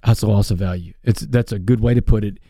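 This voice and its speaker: An earnest man tells his story with energy and feeling. His voice is mellow and dark, recorded close in a dry studio. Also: fairly low pitch, steady tone, fast talker, dry recording. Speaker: guest. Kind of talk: storytelling interview.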